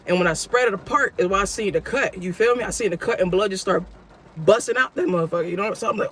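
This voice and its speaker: A man's voice: high voice, fast talker, a bit bright. A man telling a casual story-time tale for his vlog in a slangy way, full of "you know what I'm saying.". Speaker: vlogger.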